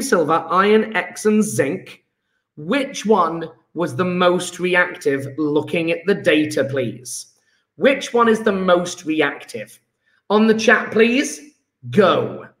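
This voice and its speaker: A man's voice: sits high, fairly bright tone, echoey room. A man teaching chemistry in a live online lesson, chatty and jokey, reading out pupils' chat messages as he goes.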